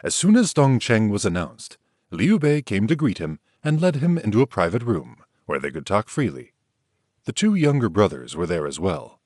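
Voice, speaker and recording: A man's voice: sing-song, normal speed, no room sound, studio quality. A man narrating a classic historical novel as an audiobook, raising his voice for the characters' lines. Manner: lifts pitch and volume for quoted characters. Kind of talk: scripted dramatic narration.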